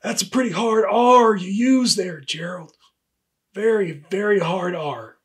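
A man's voice: high voice, unhurried. A man playing a dry, exasperated HR boss. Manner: dry, pointed, repeats the name. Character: exasperated male HR supervisor. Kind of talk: comedy sketch acting.

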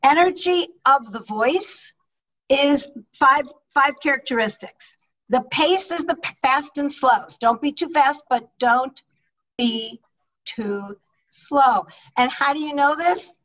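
A middle-aged woman, a public speaking coach, teaching an online leadership talk with energetic, emphatic delivery over a video call microphone. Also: sits high, takes it slowly, distant mic, low-quality recording.

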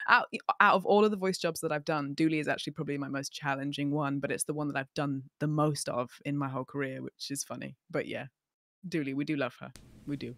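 A woman voice actor, a podcast guest, telling work stories in casual chat with animated, laughing energy. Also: low-pitched, fast, creaky, no echo, studio quality.

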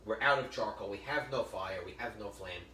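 In an echoey kitchen recorded from afar with faint ambience and a little hiss or hum, a middle-aged cooking show host demonstrates a dish casually. His fairly low voice is brisk, pushed, and bright, and he's a chatty storyteller who jokes with viewers.

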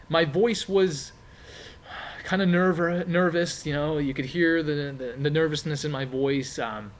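Male teacher, casual chatty explanation, slightly high voice, faint background noise. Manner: casual, chatty, lots of fillers and rhetorical questions. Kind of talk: classroom explanation with role-play.

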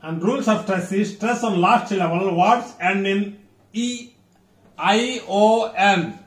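A man with an Odia accent teaching a classroom English lesson, speaking slowly and deliberately and repeating words for his students. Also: sits high. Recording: echoey room from far off.

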